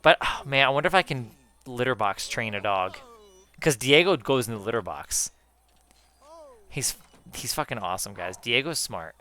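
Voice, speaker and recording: A gaming YouTuber chats casually with viewers while he plays, excitable and swearing often, addressing them as "guys." His voice is mid-range, he talks at normal speed, and he pauses often.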